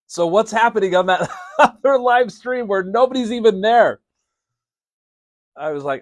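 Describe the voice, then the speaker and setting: A man's voice: sits high, lively intonation, unhurried, long pauses, no room sound, studio quality. A man hosting a live podcast, talking casually, laughing often and acting out mock announcements. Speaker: podcast host. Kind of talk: casual live-stream talk.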